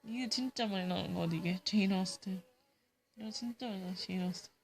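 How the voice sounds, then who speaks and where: Gravelly Korean-accented woman reading vocabulary. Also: medium pitch, racing. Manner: reads words and definitions aloud, then explains them in Korean. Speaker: vocabulary study vlogger. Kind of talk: casual solo vocabulary study, mixing English and Korean.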